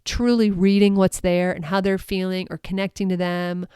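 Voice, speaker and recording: Chatty woman with a smooth voice. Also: lowish voice, little pitch movement, normal speed, mellow, no room sound, studio quality. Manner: chatty and upbeat, many fillers, laughs often. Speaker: mindset coach for dog sport handlers. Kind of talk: solo coaching podcast talk.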